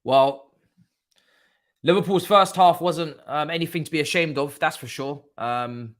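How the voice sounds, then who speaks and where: A man hosting a live football watchalong stream, chatting through the match as a fan and bursting into shouts at big moments. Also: on the high side, measured pace. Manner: excitable, erupts into shouts and laughs at goals. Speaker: watchalong host.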